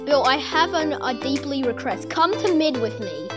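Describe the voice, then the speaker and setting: A woman giving casual commentary over her own gameplay, excitable, yelping and trash-talking playfully. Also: high voice, normal speed. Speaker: gamer commentating own play. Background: children's music playing.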